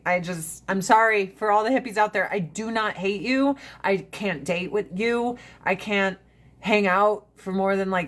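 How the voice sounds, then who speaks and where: A woman hosting a casual livestream chat, blunt and profane, rambling from one rant to the next. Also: mid-range voice. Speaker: livestream host.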